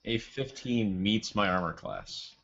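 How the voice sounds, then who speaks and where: A man playing a tabletop game, making dry quiet remarks. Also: lowish voice, wildly swooping pitch, unhurried, vocal fry, slight background noise. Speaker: player. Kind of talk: tabletop game play over voice chat. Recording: muffled mic with faint clicks.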